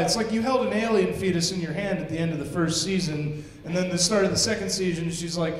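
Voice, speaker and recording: A man's voice: high voice, normal speed, crowd noise. A man in his twenties hosting a stand-up comedy show, telling rambling stories with wry, punchy outbursts. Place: comedy stage in a small venue. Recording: very echoey room.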